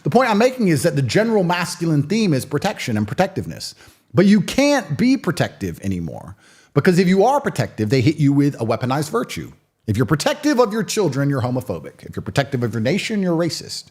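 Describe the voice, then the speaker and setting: Blunt, animated man in his thirties. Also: on the high side, fast, slightly rough. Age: 30s. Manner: blunt, provocative, emphatic. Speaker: interview guest. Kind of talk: conversational storytelling and opinion.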